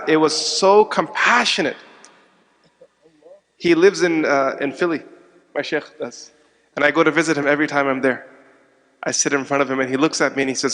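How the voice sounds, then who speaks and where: A man's voice: mid-range voice, sharp tone. Earnest middle-aged man lecturing in a hall. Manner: earnest, reflective storytelling. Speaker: Islamic lecturer. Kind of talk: personal storytelling lecture. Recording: long hall reverb.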